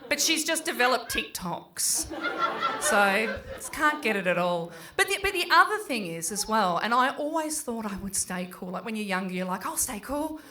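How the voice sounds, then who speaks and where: A middle-aged Australian woman performing a stand-up comedy set in a small pub, chatty and swearing freely as she acts out her kids in quick voices. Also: a little high, very animated, noisy background.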